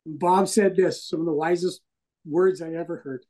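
A middle-aged man, a hockey broadcaster and interview guest, telling stories in a casual, animated way and swearing freely. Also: fairly high pitch, moderate pace, low-quality recording.

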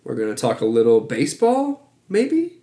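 A man's voice: mid-range voice, huge pitch swings, moderate pace, mellow. A man hosting a podcast in casual chat with his co-hosts, joking and rambling. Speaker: podcast host. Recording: roomy echo.

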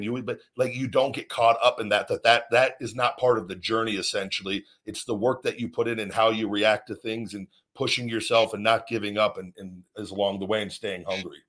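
A man hosting a podcast and talking earnestly about work and confidence, rambling with many restarts. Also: fairly low pitch. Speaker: podcast host, former wrestler. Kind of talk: motivational podcast talk.

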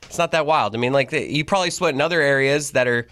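A man's voice: medium pitch, fast talker, sharp tone. A man co-hosting a podcast, talking casually with a wry, teasing manner. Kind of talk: casual chat.

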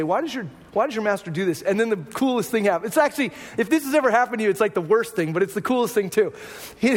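A man preaching a sermon as pastor in a conversational way, dropping to hushed lines and rising to raised ones. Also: high voice. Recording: long hall reverb.

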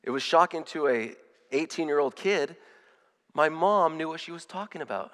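A man delivering a sermon in an earnest, rather high voice that often doubles back on words and restarts phrases. His voice rings with the long reverb of a large hall. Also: expressive, moderate pace, long pauses, fairly bright tone. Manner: earnest, with frequent word repeats and restarts. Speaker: pastor.

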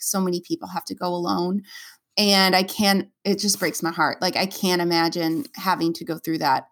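Earnest woman telling a personal story. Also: mid-range voice. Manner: earnest and emotional, many fillers and restarts. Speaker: interview guest, stage performer. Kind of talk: candid conversational storytelling.

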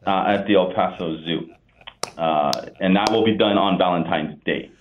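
A man who works as a zoo's media communications director, calling into a radio show and explaining an event in a casual, halting way. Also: deep voice, slight background noise. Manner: casual, hesitant, many fillers. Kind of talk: guest interview over the phone. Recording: tinny phone line.

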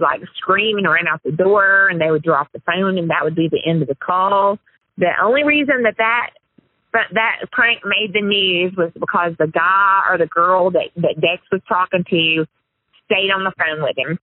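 Over a phone line, a former prank caller talks about her past in a casual interview, her voice on the low side and her pace normal. Her account is rambling, confessional, and full of self-interruptions, with no echo on the recording.

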